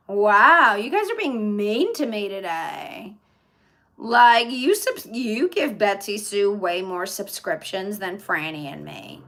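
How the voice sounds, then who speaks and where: A woman's voice: mid-range voice, sing-song, takes it slowly, fairly bright tone. A woman live streaming in casual chat, reading viewer comments aloud and answering them in a chatty way.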